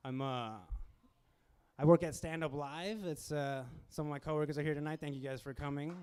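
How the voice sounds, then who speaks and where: A young man hosting a stand-up comedy show in a small club, talking casually with deadpan asides and acting out customers. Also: a little high, moderate pace, clear, resonant tone.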